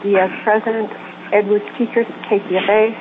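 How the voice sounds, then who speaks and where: A woman taking the roll call at a board meeting, reading names in a brisk, businesslike way. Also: mid-range voice, level tone. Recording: tinny phone line with hiss.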